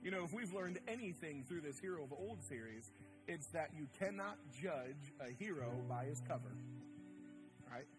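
A male pastor preaching a sermon in a church, animated, swinging his pitch wide as he acts out the people in the story. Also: normal speed, music in the background. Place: church sanctuary.

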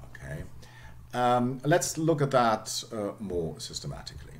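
A man's voice: big pitch swings, measured pace. A middle-aged man giving a university lecture, explaining patiently and dotting his talk with "okay" and "um". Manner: explanatory, frequent "okay" and "um", voice drops low at phrase ends.

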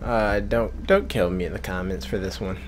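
A man's voice: lowish voice, steady tone, moderate pace, a little hiss or hum. A tired young man giving casual, rambling gameplay commentary. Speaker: gamer.

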